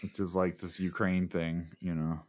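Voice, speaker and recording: A man's voice: sits low, little pitch movement, moderate pace, a little mellow. A man co-hosting a podcast in casual chat, rambling and sarcastic with lots of fillers. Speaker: podcast co-host.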